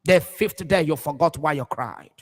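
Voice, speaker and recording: A Nigerian man preaching fervently on a livestream, repeating phrases emphatically and swinging between loud cries and hushed words. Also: on the high side, normal speed, long reverb tail. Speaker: pastor.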